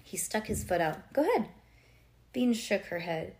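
A woman's voice: fairly low pitch, moderate pace, gravelly. Woman reading a children's storybook aloud. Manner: lively, breaks off to chat and joke with a listener nearby. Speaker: reader of a children's book.

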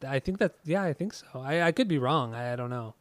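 A man's voice: medium pitch, animated, a little fast. Tentative man explaining lyrics. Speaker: podcast co-host. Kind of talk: casual chat.

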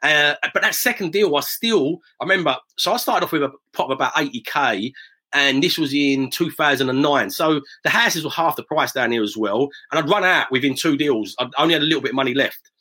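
A middle-aged man talks quickly in a bright, slightly husky voice. He tells stories in a casual, anecdotal way and slips into the voices of people he quotes. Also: a little high. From south-east England, near Romford. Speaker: property investor, guest. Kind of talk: casual storytelling interview.

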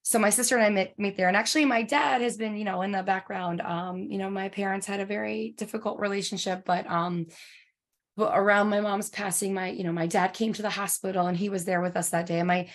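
A woman in her forties telling a personal story in an emotional, halting way, with many fillers and restarts. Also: on the low side.

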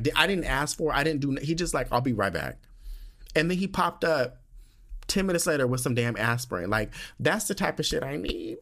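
A young man hosting his own podcast in casual solo chat, sassy and dramatic, talking loosely and jumping into high squeals when he gets emotional. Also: fairly bright tone. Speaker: podcast host.

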